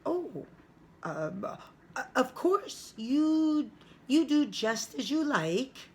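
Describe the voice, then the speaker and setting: A woman reading aloud, voicing a gentle mother who coaxes her son. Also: mid-range voice, expressive, moderate pace, slight background noise, close to an everyday voice. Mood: flustered.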